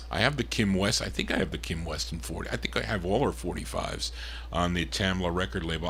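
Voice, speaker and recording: Chatty vinyl-show host, low bright voice. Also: male voice. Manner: rambling and chatty, with many fillers and restarts, calling himself by name. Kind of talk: casual DJ chat between records.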